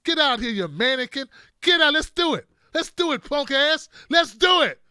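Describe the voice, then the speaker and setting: A man's voice: high voice, fast talker, a bit bright, no echo, studio quality. A man doing a blustering old politician. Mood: combative. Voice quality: rambling, blustery, tough-guy bravado. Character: rambling older male politician, blustering and combative. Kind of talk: comedic impression.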